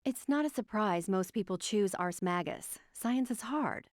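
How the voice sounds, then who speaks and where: A woman's voice: mid-range voice, animated, unhurried, no echo, studio quality, close to an everyday voice. A woman playing a condescending female scientist. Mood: smug. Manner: condescending, sarcastic. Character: arrogant, sharp-tongued female scientist.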